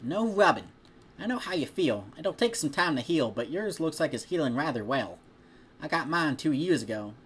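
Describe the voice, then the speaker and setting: A man's voice: fairly high pitch, sing-song, moderate pace, a bit bright, slight background noise, voice pushed up. A man voicing a friendly young woman who sells apples at a farm stall, reading from a storybook. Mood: friendly teasing. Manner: raised, perky delivery without the intended twang.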